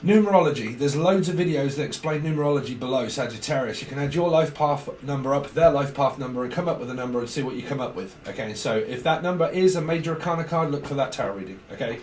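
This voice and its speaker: A man's voice: mid-range voice, expressive, fast, few pauses. A man giving a rambling tarot reading. He chats casually, swears now and then, and acts out little snippets of dialogue. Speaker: tarot reader. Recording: echoey room with faint background noise.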